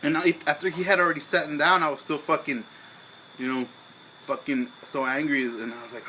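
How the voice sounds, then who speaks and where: A young man, co-hosting a casual podcast over beers, telling a profane story and acting out his own angry shouting. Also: fairly high pitch, steady tone, fairly quick, slight background noise, poor audio. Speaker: podcast co-host.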